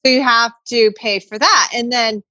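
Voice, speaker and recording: A woman's voice: a little high, steady tone, normal speed, bright, forceful tone, no room sound, lo-fi sound. A middle-aged woman co-hosting a podcast, ranting in casual chat and swearing a lot. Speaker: podcast co-host.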